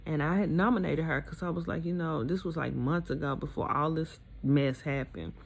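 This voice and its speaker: A woman's voice: low-pitched, normal speed, gravelly, slightly rough. A woman candidly telling her own divorce story in casual, aggrieved storytelling. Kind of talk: emotional personal storytelling.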